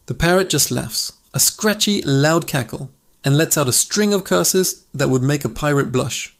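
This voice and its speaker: A man narrating a scripted joke as the channel's host, in a lively storytelling manner. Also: medium pitch, moderate pace.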